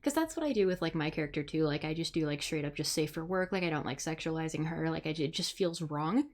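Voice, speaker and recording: Low-voiced blunt woman streamer. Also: steady tone, fast. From Midwest United States. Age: young adult. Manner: blunt, sarcastic, swears freely. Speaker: streamer host. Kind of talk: casual live-stream chat.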